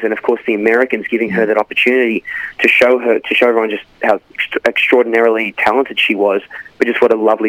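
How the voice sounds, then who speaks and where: A man's voice: medium pitch, no room sound, dull audio. An Australian man in his thirties, a guest correspondent talking in a radio interview, chatty and rambling with frequent restarts. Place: Los Angeles.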